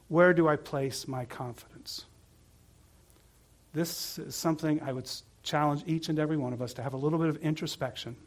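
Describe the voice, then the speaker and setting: High-voiced man preaching a sermon. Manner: earnest, asks the congregation questions. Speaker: pastor.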